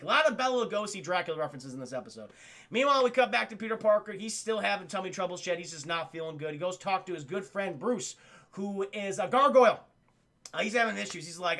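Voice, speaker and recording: A man live-streaming to his chat, excitedly recapping a cartoon episode, swearing often and acting out the characters' lines. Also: high-pitched, fairly quick, gravelly.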